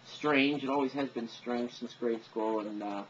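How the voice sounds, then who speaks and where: Unhurried and fairly even in intonation, this man's medium-pitched, slightly bright voice comes through lo-fi with slight background noise. In a casual monologue, the amateur impressionist rambles about the voices he can imitate, using many fillers and poking fun at himself.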